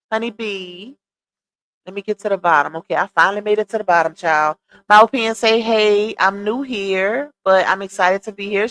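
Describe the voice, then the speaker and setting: Chatty woman hosting a livestream. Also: a little high. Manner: chatty, shouts out viewers while reading chat, laughs often. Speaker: livestream host. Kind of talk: casual livestream commentary.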